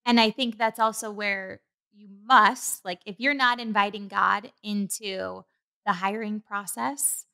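A woman hosts a faith-centered podcast interview in a casual, affirming way. Her voice is bright and forceful, with a creaky, gravelly texture, and she encourages her guest as they talk. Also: mid-range voice, steady tone, a little slow. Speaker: podcast host.

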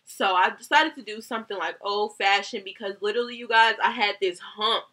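A young woman, a hairstylist, telling a heated story about a bad salon visit, animated and swearing often. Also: mid-range voice, brisk. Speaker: hairstylist vlogger. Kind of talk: casual storytime rant.

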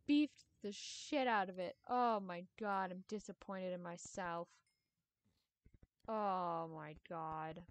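A woman giving casual gameplay commentary, upset and exasperated, rambling and swearing freely. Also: a little high. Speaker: gamer.

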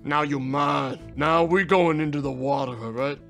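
A man streaming a fishing game, chatting to his viewers, swearing and shouting in frustration and excitement. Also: a little high, moderate pace, creaky, faint music behind. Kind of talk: gaming livestream commentary.

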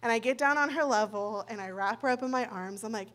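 A woman's voice: on the high side, fast, a bit bright. A woman in her thirties preaching a sermon in a conversational way, acting out quoted dialogue as she goes.

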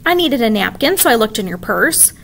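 Stubborn young girl in a read-aloud, voiced by a woman; high, whiny, pouty. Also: very animated, fairly quick, vocal fry, fairly bright tone, slight background noise, full character voice. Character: bold, impatient young girl.

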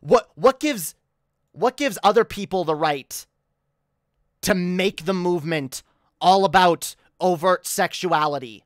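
A woman's voice: on the low side, lively intonation, measured pace, dry recording, clean studio sound. A woman livestreaming an angry rant, annoyed and swearing a lot, often stammering and restarting her sentences. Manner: profane, heated, stammering restarts.

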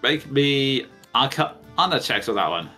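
A man narrating as game master, halting and often restarting his words. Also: medium pitch, sing-song, sharp tone, soft background music.

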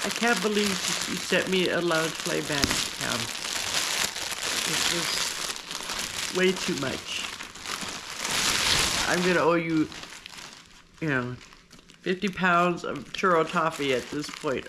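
A woman hosting a casual unboxing vlog, talking in a gushing, excitable way. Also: on the low side, very noisy. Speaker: vlogger host. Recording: paper crinkling and clicks behind.

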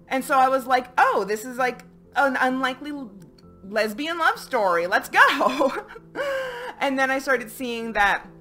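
A woman's voice: sits high, bright, forceful tone. A woman giving a casual, chatty book review with lots of fillers and playful asides.

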